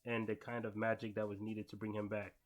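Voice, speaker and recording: A man reading aloud the lines of a calm, guarded male wizard teacher from a manga in a quiet, lower voice. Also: fairly quick, natural voice. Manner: quiet, low read-aloud delivery.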